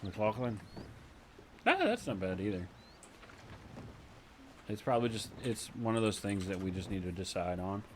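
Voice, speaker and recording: A man with a low voice chats casually with his stream audience. He rambles from one point to the next and breaks into laughter often. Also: animated, normal speed, pauses often, slight background noise. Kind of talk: casual chat with stream viewers.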